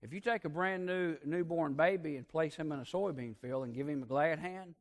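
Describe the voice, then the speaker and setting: A man preaching a sermon as pastor, telling folksy stories and swinging between loud emphatic peaks and hushed asides. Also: fairly high pitch, fairly quick, few pauses.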